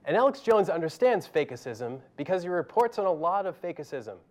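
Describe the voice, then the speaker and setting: A somewhat high man's voice hosting a satirical news segment from a studio. He talks through it with dry, sarcastic asides. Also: very animated, moderate pace, a little mellow. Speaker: news show host.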